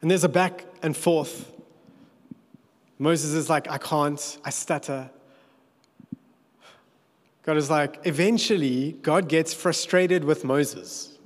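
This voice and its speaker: Slow-speaking preacher. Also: male voice, on the high side. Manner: animated storytelling, with playful asides. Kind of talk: sermon. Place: church hall. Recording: echoey church hall.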